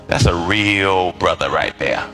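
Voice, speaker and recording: Over soft background music, a middle-aged preacher delivers a sermon full of lively stories and call-and-response with his congregation. He speaks in a low-pitched voice, a little slowly.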